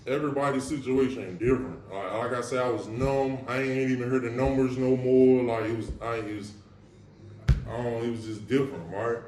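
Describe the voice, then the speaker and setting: A man on his own show, telling a story from his past in a casual, slangy, profane way with wry humor about dark memories. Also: mid-range voice, steady tone, brisk, echoey room, distant mic. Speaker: podcast host recounting his past.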